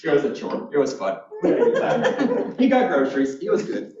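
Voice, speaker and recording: A man's voice: a little high, wildly swooping pitch, brisk, recorded from a distance, background noise. A man giving a keynote talk, telling blunt, humorous stories in a folksy way. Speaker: keynote speaker. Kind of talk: animated storytelling talk. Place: conference hall. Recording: echoey, dull room recording from afar.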